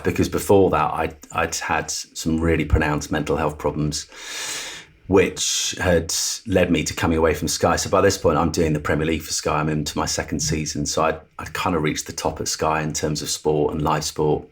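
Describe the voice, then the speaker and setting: A middle-aged man speaks in a low, husky voice. He tells a personal story candidly and with animation, and he slips into the voices of the people he quotes. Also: moderate pace. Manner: animated storyteller who acts out the voices of others. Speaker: podcast guest, TV presenter.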